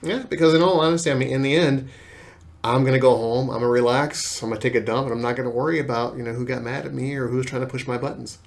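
A man's voice: mid-range voice, steady tone, quick pace, creaky. A man co-hosting a podcast in a laid-back, easygoing casual chat. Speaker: podcast co-host.

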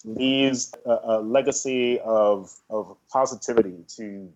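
A man speaking as a guest on a podcast in casual interview chat, easygoing and relaxed, pausing with "uh" as he thinks. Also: on the low side, highs cut off. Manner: laid-back, easygoing, pauses with "uh". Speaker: podcast guest, community ride organizer.

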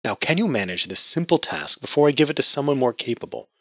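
A man's voice: fairly low pitch, animated, a little fast, a bit bright, breathy edge, no room sound, highs cut off. A man reading a stern, domineering patriarch who speaks with cold contempt. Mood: scornful. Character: stern domineering male cult patriarch, middle-aged.

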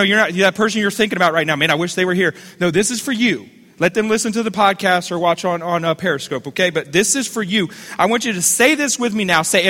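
A man's voice: high-pitched, sharp tone, big-room sound. A man preaching a sermon as the pastor of a church, calling on listeners to repeat phrases back to him. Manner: fervent preaching with call-and-response.

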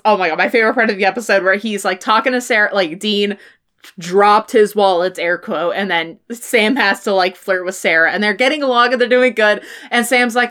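Animated woman podcaster, slightly high voice. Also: a little fast. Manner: animated, laughing, swears casually, acts out quotes. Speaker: podcast co-host. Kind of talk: casual fan podcast chat.

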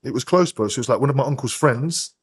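A man's voice: mid-range voice, fast talker, breathy edge. Blunt, profane man telling a story. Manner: blunt, profane, street slang. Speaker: podcast guest. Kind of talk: candid storytelling interview.

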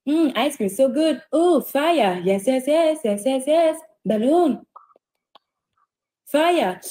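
A high, unhurried, mechanical NPC persona performed by a woman chants short catchphrases on a loop. Her tone is dark and mellow despite the height of the voice. The delivery stays stiff and repetitive, like a game character stuck on one script. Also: expressive. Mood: chirpy robotic.

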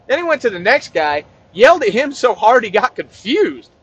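Male comic, high lively voice, rambling and profane. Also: moderate pace, breathy edge, dull audio. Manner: rambling, profane, deadpan asides. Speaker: comedian. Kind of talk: comic rant.

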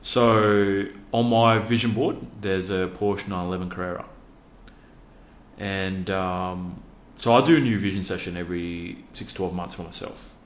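An Australian man with a low, deep voice, earnest and hesitant, peppering his story with ums. The room is echoey, with a faint hum underneath. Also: fairly even intonation, unhurried. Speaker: interview guest, youth program founder. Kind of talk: casual storytelling in an interview.

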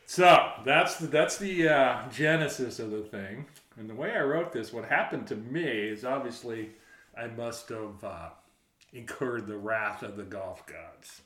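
A man telling a story in casual chat, animated, laughing often and acting out the shouted quotes. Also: mid-range voice, unhurried. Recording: roomy echo.

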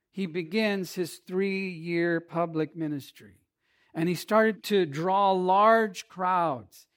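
A man preaching a sermon, swinging between emphatic loud lines and hushed, quiet passages. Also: fairly high pitch. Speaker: pastor.

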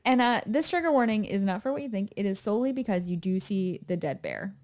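A woman's voice: medium pitch, quick pace. A young woman co-hosting a podcast in casual chat, laughing often as she talks. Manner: giggly, animated, laughs often. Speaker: podcast co-host.

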